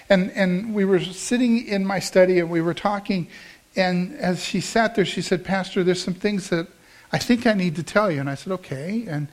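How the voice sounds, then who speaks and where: Male pastor, middle-aged, high voice, conversational storytelling sermon. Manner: storytelling, conversational with emphatic rises.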